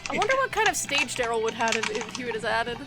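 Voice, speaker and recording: A high-pitched woman hosts a casual fan podcast and talks in an animated way. She often breaks into laughter. Music plays clearly behind her voice. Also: fast. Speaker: podcast host.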